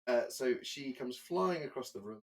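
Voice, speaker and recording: A man narrating as game master, in a loose, halting way with fillers and restarts. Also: medium pitch, animated.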